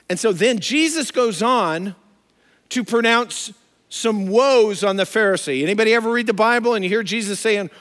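A man's voice: sits high, fairly bright tone, big-room sound. A man giving a conversational sermon, explaining and paraphrasing scripture in plain everyday words. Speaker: preacher. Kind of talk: sermon, Bible teaching.

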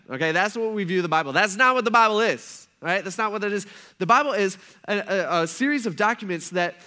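A man's voice: high voice, quick pace, sharp tone. A male pastor preaching a sermon in a conversational storytelling manner, with plenty of casual asides.

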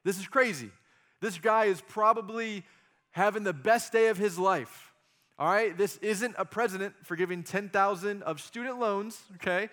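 A man preaching a sermon as pastor, animated, with jokey asides and acted-out quotes. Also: sits high, moderate pace.

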